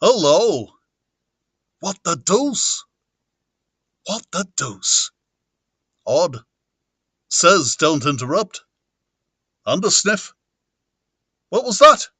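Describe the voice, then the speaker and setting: A man's voice: sits high, big pitch swings, extremely slow, pauses often, pushed and bright, breathy edge, no room sound, voice pushed up, exaggerated voice. A man voicing a nasal, stuffy village man who is easily startled, sounding as if he has a cold, for an audiobook.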